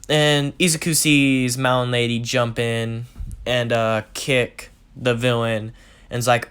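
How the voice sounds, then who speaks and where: Young guy telling a story all casual, says basically a lot, mid pitch. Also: little pitch movement, measured pace, a bit bright, clean tone. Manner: rambling, full of "like" and "basically". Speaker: channel storyteller. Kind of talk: casual retelling of a fan story.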